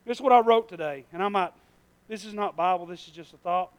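A man preaching a sermon, emphatic and full of repeated phrases, moving from loud bursts to hushed asides. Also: high voice, fast, no echo.

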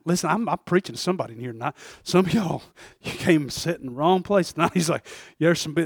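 A man preaching a folksy sermon, dropping to a hush and then building to shouts. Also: a little high, no room sound, studio quality. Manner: swings from hushed to shouting, folksy. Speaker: pastor.

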